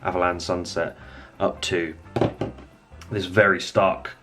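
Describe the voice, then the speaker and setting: A man with a very low voice talks through a painting tutorial at home. He rambles a little and thinks aloud as he works. Faint music plays behind him. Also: takes it slowly. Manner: relaxed, rambling, thinks aloud while working. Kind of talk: casual hobby tutorial.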